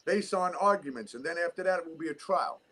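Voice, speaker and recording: A man's voice: fairly high pitch, lively intonation, fast, background noise. A middle-aged man with a New York accent, ranting heatedly and cursing in a casual chat.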